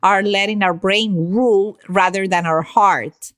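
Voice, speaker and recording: A woman's voice: mid-range voice, steady tone, unhurried, a bit bright, no echo, clean studio sound. A woman hosting a podcast, responding thoughtfully to her guest in casual conversation. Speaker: podcast host. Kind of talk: casual interview chat.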